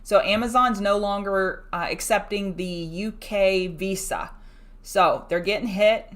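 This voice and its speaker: A woman with a Southern US country accent hosting a fast pre-market trading rundown, brisk and chatty, calling her viewers y'all. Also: mid-range voice, a bit bright. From rural US. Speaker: stock market show host.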